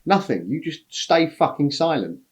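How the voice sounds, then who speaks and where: A man chatting casually and excitably while reacting, swearing heavily. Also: fairly high pitch, moderate pace. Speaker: reaction video host.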